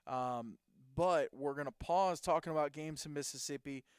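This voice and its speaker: A man hosts a casual high school football talk show, his voice smooth and resonant at an ordinary middle pitch. He rambles through game recaps and reels off player stats. The sound is close and dry. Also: moderate pace, no room sound. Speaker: host.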